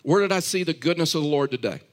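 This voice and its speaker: Earnest preaching man, higher voice. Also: animated, quick pace. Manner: earnest, repetitive, storytelling with restarts. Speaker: pastor. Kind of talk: sermon.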